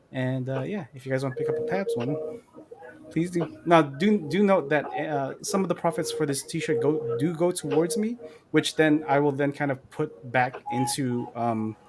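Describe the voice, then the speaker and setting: A man's voice: medium pitch, heavy background noise. A man co-hosting a model-building livestream, chatting casually with lots of fillers and restarts. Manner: rambling, many fillers and restarts.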